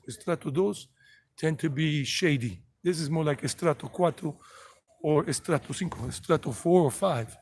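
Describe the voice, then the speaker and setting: Middle-aged American man, slightly high voice, rambling live-stream tour guide recorded outdoors over traffic. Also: darkish tone. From United States. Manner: rambling, repeats himself, sings song snippets. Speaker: vlog host giving a walking tour. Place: outdoors on city streets. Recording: outdoor street noise behind voice.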